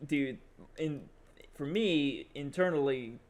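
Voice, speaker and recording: A man's voice: fairly high pitch, slow pace, darkish tone. A young man co-hosting a podcast, telling a long story in casual chat, rambling with lots of fillers and acted-out quotes. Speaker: podcast co-host.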